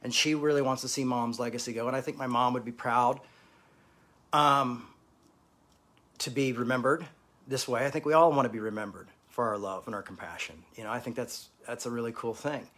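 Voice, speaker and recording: A man in his forties candidly telling a personal story, rambling and halting with many fillers and restarts. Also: medium pitch, steady tone, fairly bright tone. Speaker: speaker sharing a personal story.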